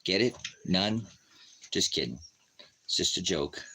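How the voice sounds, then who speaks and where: A man's voice: low-pitched, very animated, moderate pace, bright, forceful tone, slightly rough. A man preaching casually on a live stream from home, rambling, joking and talking to his dogs.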